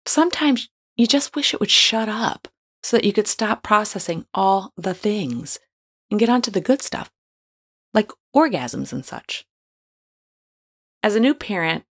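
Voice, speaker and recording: A woman hosting a talk show who gives frank, playful advice in a scripted monologue with casual slang. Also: medium pitch.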